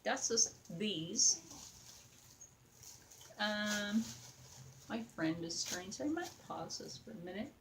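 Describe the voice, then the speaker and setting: A woman's voice: medium pitch, expressive, slow pace, pauses often, slight background noise, poor audio. A young woman chatting casually as she works on a craft project, rambling and talking to her viewers and to a doll. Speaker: craft vlogger.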